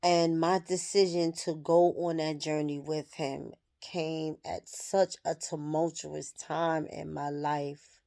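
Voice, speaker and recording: A woman vlogging a candid personal spiritual reflection, soft-spoken and reflective, with pauses between phrases. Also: low voice, little pitch movement, creaky.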